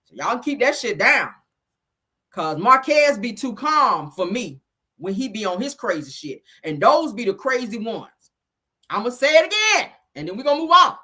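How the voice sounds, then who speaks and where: A woman's voice: on the high side, very animated, normal speed, sharp tone. A woman hosting a celebrity gossip commentary, talking in a brash, profane way and laughing often. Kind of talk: casual commentary.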